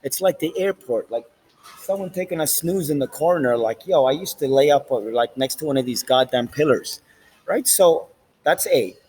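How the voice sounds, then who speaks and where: A man's voice: a little high, expressive, normal speed, a little mellow, husky, rough recording. A man vlogging in a rambling, profane monologue with street slang, recorded on a handheld phone inside a large train station.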